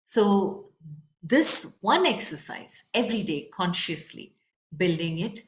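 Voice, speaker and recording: A woman, a leadership and voice coach explaining breathing and chanting in a calm, instructive way during an interview. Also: medium pitch, slow pace. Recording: roomy with faint background noise.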